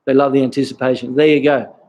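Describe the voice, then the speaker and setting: Questioning karate instructor. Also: male voice, medium pitch, little pitch movement, fast talker, darkish tone. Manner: peppers his talk with questions and "okay". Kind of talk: casual instructional talk.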